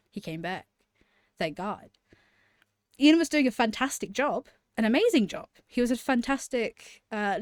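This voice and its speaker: A woman's voice: mid-range voice, no echo, studio quality. A young woman chatting casually to camera as a vlogger, gushing about favourite channels, laughing often and swearing freely.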